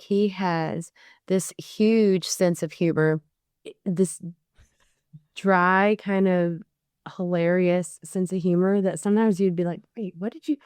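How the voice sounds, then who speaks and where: A woman's voice: on the low side, clear, resonant tone, dry recording, studio quality. A woman in her forties, a bereaved mother and podcast guest, telling stories in casual chat and acting out the people she quotes. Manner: chatty, animated when quoting others.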